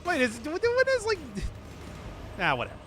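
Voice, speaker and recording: A man's voice: very high voice, huge pitch swings, normal speed, pushed and bright, soft background music. A man chatting casually to his viewers while playing a game, rambling and chuckling often as he answers chat. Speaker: streamer. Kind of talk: casual live-stream commentary while gaming.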